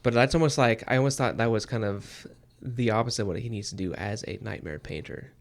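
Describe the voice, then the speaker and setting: Casual male co-host, rambling, gravelly. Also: on the low side, a little fast. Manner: rambling, many fillers and restarts. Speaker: book podcast co-host. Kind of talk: casual chat.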